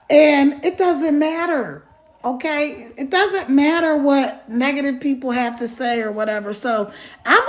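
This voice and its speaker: Chatty high-voiced woman live-streaming. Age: middle-aged. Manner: chatty, rambling, greets viewers by name. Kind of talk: casual live-stream chat.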